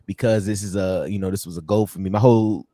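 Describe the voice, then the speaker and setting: A man's voice: fairly low pitch, fast, no room sound. Guy cohosting a sports livestream, slangy and laughing a lot, dry close mic. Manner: laughing, animated, slangy storytelling. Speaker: sports show co-host. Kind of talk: casual livestream chat.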